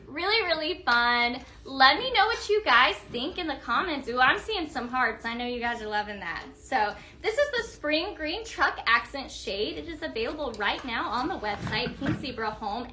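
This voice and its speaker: Bubbly woman live-stream presenter, high bright voice, faint hiss behind. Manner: bubbly, gushing, chatty with viewers. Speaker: livestream home decor presenter. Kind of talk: live product demonstration.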